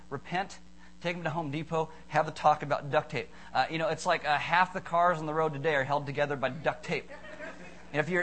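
High-voiced joking male pastor. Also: slight background noise. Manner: jokey, animated, acts out little voices. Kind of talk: humorous sermon.

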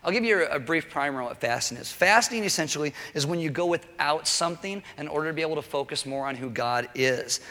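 A man delivers a relaxed, conversational sermon packed with joking asides, repeatedly checking in with his listeners by asking "okay." His voice is fairly high for a man, forceful and bright-edged, and it rings with the long reverb of a large hall.

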